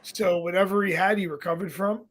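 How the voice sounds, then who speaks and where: High-voiced Brooklyn man chatting casually. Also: fairly even intonation. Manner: chatty, talks fight breakdowns in quick bursts. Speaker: podcast co-host. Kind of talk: casual podcast chat.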